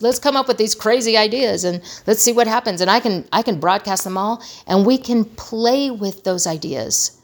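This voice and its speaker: A middle-aged woman hosting a casual advice talk, earnest and conversational, acting out remarks she quotes. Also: medium pitch. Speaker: host.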